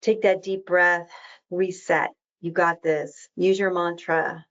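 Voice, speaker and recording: Woman, webinar presenter, encouraging, conversational, slightly low voice, muffled lo-fi audio. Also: level tone. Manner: warm, encouraging, reassuring; conversational with fillers and quick asides. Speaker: diabetes educator leading a webinar.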